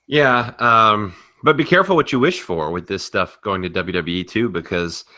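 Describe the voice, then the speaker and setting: A man co-hosting a casual wrestling and sports podcast, calm and matter-of-fact with a teasing streak. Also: fairly low pitch, normal speed. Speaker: podcast co-host. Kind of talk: casual chat.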